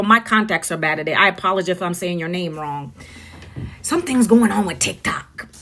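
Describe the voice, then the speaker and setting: A woman's voice: on the high side, a bit bright. A woman in her forties hosting a casual livestream from home, chatty and talking straight to her viewers. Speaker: livestream host.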